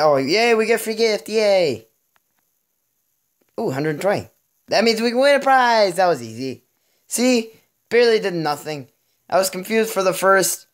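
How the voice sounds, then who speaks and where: A teenage boy hosting his own channel, chatting casually through a game, joking and narrating each move with little sound effects. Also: high voice. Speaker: gaming channel host. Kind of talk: casual gameplay commentary.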